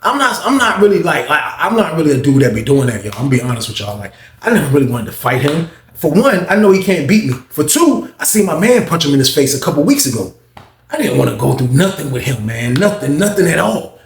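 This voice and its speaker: A man telling a story in a casual, animated, slangy monologue, full of profanity. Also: a little high, fast talker. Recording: echoey room with faint noise.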